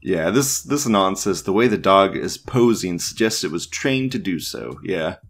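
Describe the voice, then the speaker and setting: A man's voice: deep voice, lively intonation, normal speed. A man hosting an online news show, casually reading forum posts aloud and riffing on them in a crude, rambling way, laughing often and restarting his sentences.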